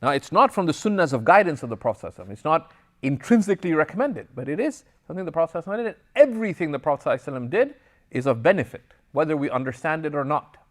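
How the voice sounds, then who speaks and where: A man whose voice is on the high side talks very fast while teaching a religious class, captured as a recorded lecture. This Islamic teacher reads Arabic passages, explains them in English and tells personal stories. He is lively, moving between the Arabic text and the English, and he acts out the dialogue in his anecdotes as he goes.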